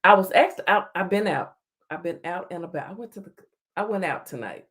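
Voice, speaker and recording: Chatty woman hosting a live stream. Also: a little fast. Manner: chatty, greets viewers by name, lively swings in pitch. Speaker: talk show host. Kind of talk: late-night live commentary stream.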